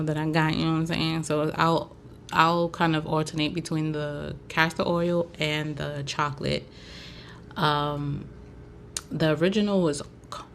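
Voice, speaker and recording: A woman's voice: deep voice, gravelly, a little hiss or hum. A woman from Haiti hosting a casual chat show, talking loosely with lots of fillers. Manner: chatty, loose, full of fillers. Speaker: podcast host and braider.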